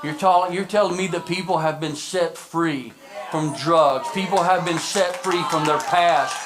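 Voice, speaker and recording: High-voiced impassioned male preacher. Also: steady tone, music in the background, rough recording. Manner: impassioned shouting preacher, repeating phrases; drops into quick, joking storytelling. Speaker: pastor. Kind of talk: sermon. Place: church service.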